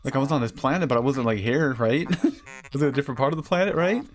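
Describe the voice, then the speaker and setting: A man's voice: mid-range voice, lively intonation, quick pace, soft background music. A man casually commentating on a game as he plays, joking, swearing and laughing often. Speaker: streamer.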